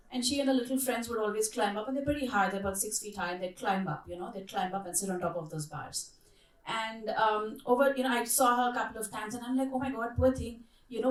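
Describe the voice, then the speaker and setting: Woman, middle-aged, workshop speaker, storytelling, questions the audience, echoey hall. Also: mid-range voice. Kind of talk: interactive workshop talk. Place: conference hall. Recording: echoey hall, voice from far off mic.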